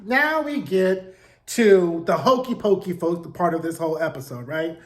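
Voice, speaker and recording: A man's voice: high voice, lively intonation, normal speed. A man in his forties giving a casual recap of a TV episode, sassy and profane, peppered with "like" and "right?". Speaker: TV recap host. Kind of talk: casual review commentary.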